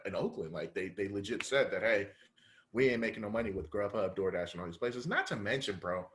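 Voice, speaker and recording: A young adult man on a podcast, telling a story casually with heavy slang and animated back-and-forth dialogue. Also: on the low side, fairly quick. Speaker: podcast co-host.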